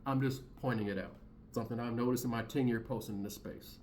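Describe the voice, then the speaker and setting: A man's voice: mid-range voice, steady tone, quick pace, a little mellow, slight background noise. A man in his thirties hosting his own commentary channel, talking in a blunt, heated, slangy rant and repeating his points.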